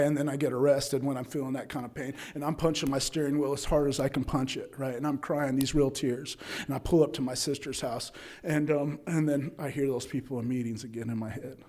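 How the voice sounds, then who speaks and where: A man from Utah giving a candid, rambling talk about his recovery at a meeting, checking in often with his listeners. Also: on the high side. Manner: candid, rambling, frequent "right?" and "you know". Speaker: AA meeting speaker. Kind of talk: personal recovery story told to an audience. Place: AA speaker meeting.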